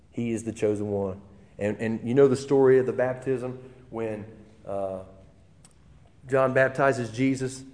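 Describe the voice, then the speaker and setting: A man preaching a sermon in a relaxed, conversational way, with fillers and restarts. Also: medium pitch. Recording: long hall reverb.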